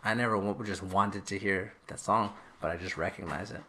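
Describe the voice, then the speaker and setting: A man's voice: low voice, fairly even intonation, brisk, sharp tone, slight background noise. A man from Texas, a guest author telling a story in a casual chat, wry and self-mocking, often trailing off into laughs.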